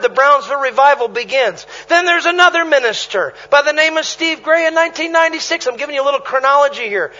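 A traveling preacher man with a very high, bright, sharp voice, telling revival stories with punchy repetition and quick laughs. The recording is dull and lo-fi. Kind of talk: sermon.

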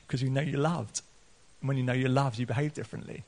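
A man preaching a sermon, earnest, laughing often, and rising to excited peaks. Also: mid-range voice, fairly quick. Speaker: pastor.

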